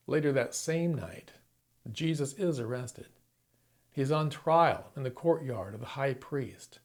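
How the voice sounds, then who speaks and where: A man's voice: mid-range voice, lively intonation, takes it slowly. A man preaching a sermon, retelling a story dramatically and acting out the quoted lines. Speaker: pastor.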